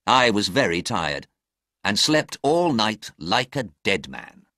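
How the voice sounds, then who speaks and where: Brief: male storybook narrator, bright tone, very lively pitch, dry close sound. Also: takes it slowly, no echo. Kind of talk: slow storybook narration for English learners.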